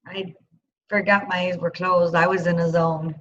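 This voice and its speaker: A woman's voice: lowish voice, flat delivery, normal speed, a bit bright. Effusive woman host, dull lo-fi audio. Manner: effusive, exclaiming. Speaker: interview host. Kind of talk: casual interview chat.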